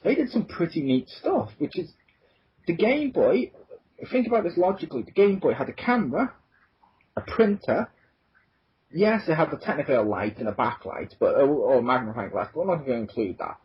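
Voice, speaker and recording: A man's voice: on the high side, big pitch swings, a little fast, a little hiss or hum. A man co-hosting a casual podcast chat, joking around and slipping into mock voices. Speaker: podcast co-host. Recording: dull lo-fi podcast audio.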